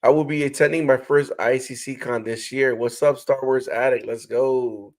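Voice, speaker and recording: A man's voice: medium pitch, fairly even intonation, normal speed. A man hosting a casual livestream, greeting viewers and reading their comments aloud. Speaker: livestream host reading chat.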